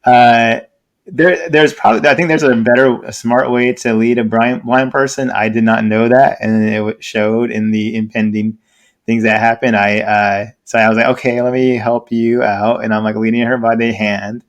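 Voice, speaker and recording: A man's voice: normal speed, muffled recording. A man telling a story in casual podcast chat, laughing often and acting out voices. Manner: animated, laughing, acts out voices in high pitch. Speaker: podcast co-host.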